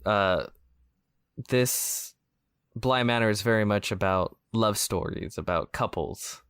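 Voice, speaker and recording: Low-voiced sarcastic man joking around. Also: slow pace, a bit bright, clean tone, no room sound. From United States. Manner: sarcastic, joking, swears freely. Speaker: podcast co-host. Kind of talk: casual podcast chat.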